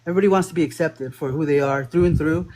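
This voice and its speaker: This man has a slightly raised voice and tells his stories with animation, filling them with "like" and casual slang. He sounds like a guest in a relaxed spiritual chat. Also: fairly high pitch, very fast. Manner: animated storytelling with lots of "like" and laughs.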